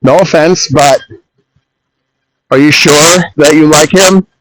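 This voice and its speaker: A man's voice: on the high side, takes it slowly, background noise. Rambling, ranting man on a phone mic. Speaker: solo podcaster. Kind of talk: casual rambling monologue.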